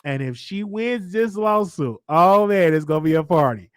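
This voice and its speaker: Brief: Southern US man, call-in show host, slightly high voice, dry close sound, loose repetitive chatter. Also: animated, moderate pace, smooth, no echo. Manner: chatty, repetitive, laughs often. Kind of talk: casual live call-in commentary.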